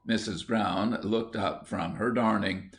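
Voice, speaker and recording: A man narrating a children's storybook in an even storytelling manner. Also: fairly low pitch, takes it slowly. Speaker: audiobook narrator. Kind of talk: scripted narration.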